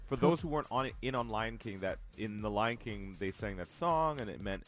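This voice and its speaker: A man's voice: lowish voice, lively intonation, a little fast, a bit bright, soft background music. A man co-hosting a morning TV show, chatting in an easygoing way with chuckles and restarts. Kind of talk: casual morning show banter. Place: TV studio.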